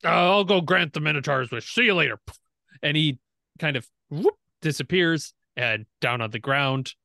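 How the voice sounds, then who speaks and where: A man narrating as game master, animated, laughing and making sound effects. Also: fairly high pitch, normal speed, gravelly, dry recording, clean studio sound.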